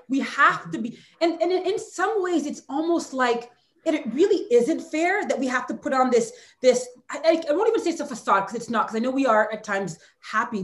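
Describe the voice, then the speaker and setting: Woman, 40s, interview guest; candid, heartfelt, close to tears at moments; roomy echo. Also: fairly high pitch. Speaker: author and former hurdler, guest. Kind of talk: emotional interview conversation.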